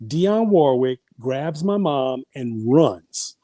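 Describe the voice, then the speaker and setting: A man's voice: medium pitch, expressive, slow, mellow, no room sound. A man guest on a podcast, telling family stories in a rambling, casual way with many restarts and repeated words. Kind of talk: casual storytelling.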